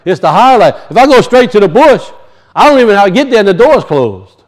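A man preaching a sermon, emphatic, slowing down to teach word meanings and dropping low and quiet for weight. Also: sing-song. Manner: emphatic, slows to teach words, drops low and soft for weight.

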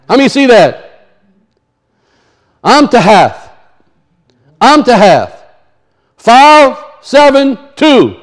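A high-pitched male preacher gives an animated, lively sermon, speaking slowly and pausing often. He keeps turning to his listeners with questions and presses home the point of each verse.

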